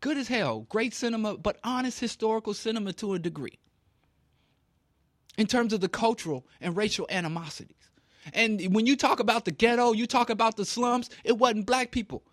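A man's voice: sits high, a little fast, no room sound, clean studio sound. A man from Kansas City giving an impassioned talk, emphatic and preachy, with rhetorical questions. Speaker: speaker.

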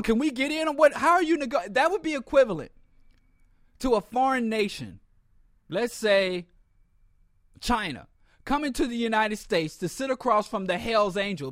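A man's voice: high voice, a bit bright, dry recording, studio quality. A man hosting a podcast, delivering a blunt, sardonic political commentary monologue and often stumbling and repeating words. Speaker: podcast host.

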